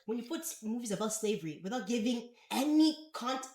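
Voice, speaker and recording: Animated young woman from Togo telling a story. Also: on the high side, fairly quick. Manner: animated storyteller, acts out quoted voices. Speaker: podcast guest. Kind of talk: casual group chat, storytelling. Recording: lively group chatter around.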